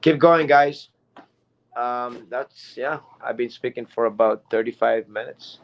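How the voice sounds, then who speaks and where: A man's voice: medium pitch, measured pace, gravelly, highs cut off. A man giving a rambling, emphatic motivational talk as a guest speaker, repeating himself often.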